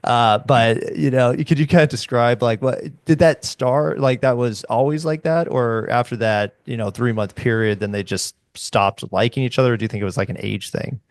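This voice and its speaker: A man's voice: medium pitch, moderate pace, few pauses, no room sound, clean studio sound. A man hosting an interview, a father of an autistic son, affirming his guest and asking open follow-up questions. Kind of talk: conversational interview.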